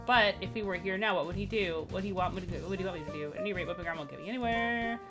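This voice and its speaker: A woman's voice: on the low side, rapid-fire, music in the background, natural voice. A woman voicing a proud, aloof young aristocrat pigeon in stiff, formal speech. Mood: resolved. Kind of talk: reading game dialogue aloud.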